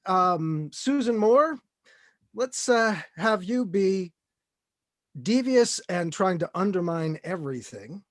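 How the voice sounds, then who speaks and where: A man's voice: high-pitched, expressive, takes it slowly, dry recording, studio quality. Playful man moderating a panel. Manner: playful, directing others. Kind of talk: convention panel chat. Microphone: video call.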